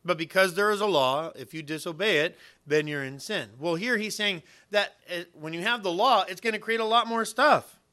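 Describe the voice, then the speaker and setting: A man preaching a sermon in a bright, forceful voice that sits a little high. He teaches from scripture with everyday examples and jumps into quick acted-out voices. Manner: animated preaching with everyday illustrations and acted-out quotes. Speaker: pastor.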